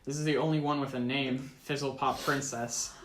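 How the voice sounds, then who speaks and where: A man's voice: mid-range voice, little pitch movement, moderate pace, crowd noise. A teenage boy narrating a tabletop game as game master, casual and often laughing, with many ums and uhs. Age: teens. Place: school room. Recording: echoey room.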